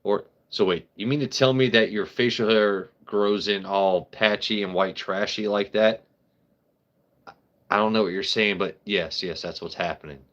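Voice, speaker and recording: A man's voice: fairly low pitch, moderate pace, a bit bright, highs cut off. A man hosting a casual live stream, rambling, joking with his chat and swearing freely. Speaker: livestream host.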